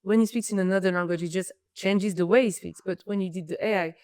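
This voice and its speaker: A woman guest on a casual podcast, telling stories in an animated way. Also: mid-range voice, fast talker, no echo, studio quality. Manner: animated storyteller. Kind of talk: casual chat.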